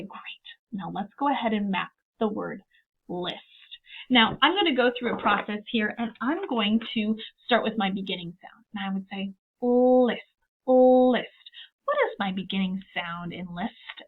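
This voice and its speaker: A woman teacher giving an upbeat, step-by-step video lesson, acting out her student dialogues as she goes. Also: medium pitch. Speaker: teacher trainer. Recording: narrow phone-like sound.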